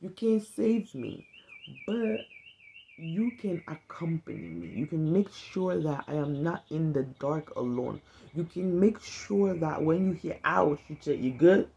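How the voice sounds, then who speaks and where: A woman's voice: deep voice, lively intonation, measured pace, creaky, warm tone, muffled recording. A woman speaking to camera in a casual, earnest, heartfelt monologue. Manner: earnest, conversational, emphatic. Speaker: vlogger.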